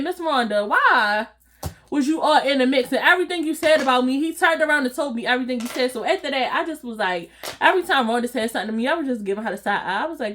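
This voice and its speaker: A woman vlogger telling a casual storytime, animated and slangy, acting out what people said and laughing often. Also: high-pitched, brisk. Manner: animated, slangy, acts out quoted voices.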